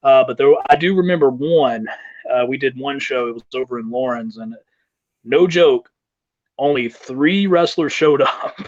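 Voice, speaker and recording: Wrestler guest, mid-pitch man, chatty rambling storyteller, lo-fi audio. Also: moderate pace, a little mellow. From South Carolina, US. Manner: rambling anecdotes with fillers and laughter. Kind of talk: interview storytelling.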